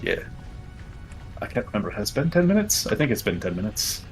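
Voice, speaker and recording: A man's voice: lowish voice, big pitch swings, fairly quick, soft background music. A male streamer chatting while he plays, putting on a fake Russian accent and dropping his articles. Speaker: streamer and host. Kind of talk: casual gaming livestream chat.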